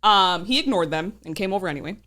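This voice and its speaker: A woman's voice: on the low side, animated, quick pace, pushed and bright. A woman in her thirties chatting casually as a podcast guest, telling stories with lots of "like" fillers and swearing. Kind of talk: casual chat.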